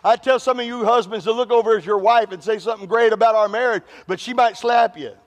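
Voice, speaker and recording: A male pastor with a high voice and a drawl preaches a sermon in call-and-response style, teasing the congregation with humorous stories and calling for them to answer back. He talks fast, and the setting is a large hall.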